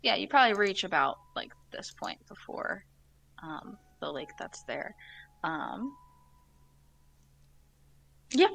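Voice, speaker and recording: Laid-back woman game master, gravelly. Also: fairly low pitch, takes it slowly, long pauses. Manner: relaxed, hesitant, many fillers. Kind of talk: running a tabletop game.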